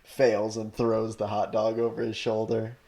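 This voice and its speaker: A man's voice: fairly low pitch, monotone, a little slow, creaky, warm tone. Rambling, laughing podcast man. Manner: rambling, full of "like" and restarts, laughs often. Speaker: podcast co-host. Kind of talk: casual chat.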